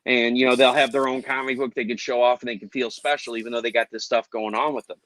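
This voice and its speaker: A man's voice: mid-range voice, flat delivery, fast talker, fairly bright tone, dry recording, low-quality recording. A man hosting a casual podcast chat, talking in a rambling, upbeat way. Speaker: podcast host.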